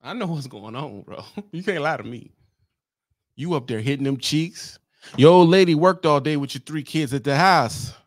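A man with a fairly high voice rants on his livestream, brash and teasing, often laughing and offering mock apologies. The recording is studio quality with no echo, and he keeps a moderate pace.

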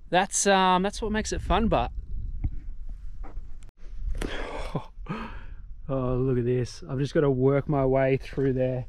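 A man's voice: medium pitch, takes it slowly, long pauses. A young Australian man vlogging casually outdoors on a mountain, a little out of breath, rambling and poking fun at himself. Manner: chatty, self-deprecating, rambling asides. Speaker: travel vlogger. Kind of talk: casual travel vlog.

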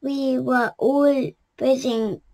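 Sleepy storybook sloth, slow and unbothered, voiced by a woman reader. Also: high voice, steady tone, darkish tone, full character voice. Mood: lazy. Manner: slow and drowsy. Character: lazy, unbothered male sloth.

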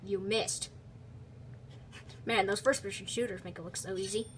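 A young woman commenting on a video game she is playing, excitable, with quick exclamations and teasing of the character on screen. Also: medium pitch, a little hiss or hum. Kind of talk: let's play commentary.

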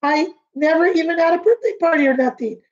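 Woman reading a sad male pound dog, storybook, quiet, downcast, high voice, dull sound. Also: brisk.

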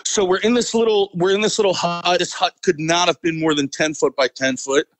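A military veteran appearing as a podcast guest tells a story casually in a high, steady voice at a brisk pace. He rambles, uses many fillers, and chuckles often, on a dry but poor-quality recording.

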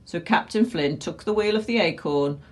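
A woman reading a children's picture book aloud with expressive, animated delivery. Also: fairly low pitch, normal speed. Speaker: storyteller.

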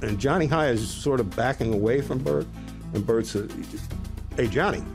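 Gravelly man narrating, music behind. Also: mid-range voice, moderate pace. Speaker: documentary narrator. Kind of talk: scripted narration.

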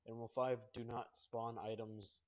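A man's voice: mid-range voice, moderate pace. Goofy young man on a dull mic. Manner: goofy, excitable, rambling. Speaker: host. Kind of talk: casual gaming commentary.

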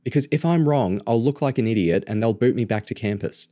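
A man's voice: medium pitch, brisk, warm tone, no echo, studio quality, pitched above the performer's own voice, lightly acted. A man voicing a bossy, determined teenage girl agent who talks in urgent, clipped commands.

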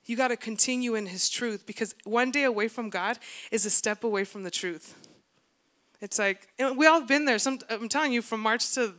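A woman pastor giving a lively, conversational sermon, acting out little asides to the congregation. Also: fairly high pitch, a little fast. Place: church.

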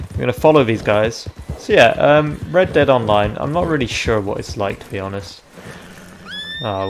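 A young man chatting casually over his gameplay, reacting out loud and swearing freely. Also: medium pitch, slight background noise. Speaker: gaming video creator.

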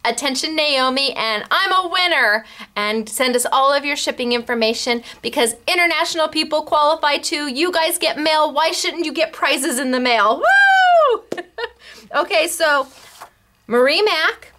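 A woman hosting a craft shop video show, chatting through announcements in a bubbly, giggly way and spelling out names and numbers slowly. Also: sits high, heavy background noise. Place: craft store.

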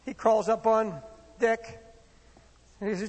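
A man's voice: high voice, steady tone, takes it slowly, long pauses, darkish tone, long reverb tail. A man preaching a sermon in an impassioned, dramatic way, acting out the words of the people in his stories. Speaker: pastor.

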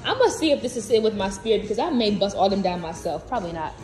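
A woman's voice: mid-range voice, big pitch swings, quick pace, music in the background, rough recording. A young woman chatting playfully to camera in a casual vlog, often from her car. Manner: chatty and playful, bursts into song. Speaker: vlogger.

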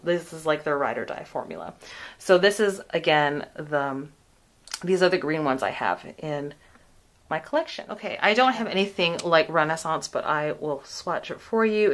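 A woman with a notably low-pitched voice talks through makeup swatches in a relaxed, chatty way. She fills her sentences with "like" and "um" as she compares products for her viewers. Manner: chatty, many "like" and "um" fillers. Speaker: beauty vlogger. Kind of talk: casual product review.

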